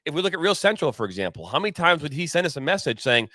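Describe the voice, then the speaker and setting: Speaking very fast, a podcast co-host and soccer commentator rants with a slightly high voice that swings widely in pitch and sounds pushed and bright. The recording is dry and studio-clean, and his opinionated talk is peppered with swearing and restarts as he rambles.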